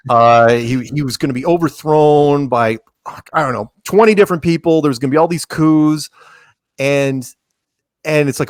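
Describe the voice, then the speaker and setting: A man's voice: on the high side, moderate pace, dry recording, studio quality. A man talking as a podcast guest in a rambling way, full of restarts and sarcastic asides. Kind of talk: casual chat.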